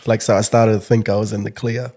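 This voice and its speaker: A man's voice: lowish voice, little pitch movement, quick pace, mellow. A young Australian man co-hosting a podcast, chatting casually with blunt slang and frequent laughs. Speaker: podcast co-host. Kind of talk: casual chat.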